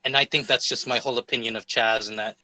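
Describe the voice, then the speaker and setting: A young man as a guest in a casual livestream chat, opinionated and halting, with repeated words. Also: medium pitch, fairly even intonation, bright, forceful tone, no room sound, poor audio.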